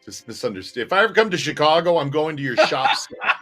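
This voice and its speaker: A male host runs a laid-back livestream, reading viewer comments aloud and chatting over them. His voice sits a bit high, with soft music faintly behind him. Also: expressive, fast.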